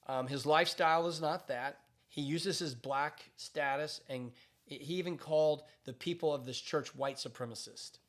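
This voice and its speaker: Emphatic pastor with a raised voice. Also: male voice, fairly high pitch, moderate pace, a bit bright. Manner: emphatic, repetitive, with frequent restarts. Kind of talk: commentary on current events.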